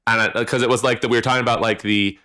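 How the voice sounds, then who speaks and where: A man's voice: medium pitch, steady tone, racing, sharp tone. A man co-hosting a podcast in casual chat, rambling through jokes and tangents, on slightly distorted audio. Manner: rambling, jokey, trails off into tangents. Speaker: podcast co-host.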